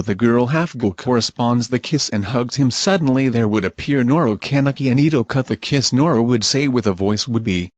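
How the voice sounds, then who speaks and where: A male text-to-speech voice narrating fan fiction in an even, machine-like way. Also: medium pitch, moderate pace, few pauses, no echo.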